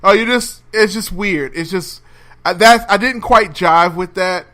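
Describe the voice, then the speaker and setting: A man co-hosting a casual podcast chat, animated and acting out incredulous quotes with laughs. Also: high-pitched, measured pace. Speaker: podcast co-host. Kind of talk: casual chat over a phone call.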